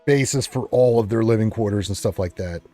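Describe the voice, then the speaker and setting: A low-voiced man runs a tabletop game as dungeon master. He talks the rules through in a rambling way, full of ums and uhs, with quiet music playing underneath. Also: a little fast.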